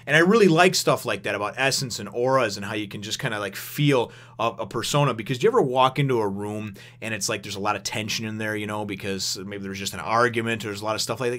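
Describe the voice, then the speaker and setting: A fast-talking man giving a loose, rambling manga review, with cusses and laughs sprinkled through. His voice is bright and forward, at a middle pitch for a man. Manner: rambling, profane, laughs often.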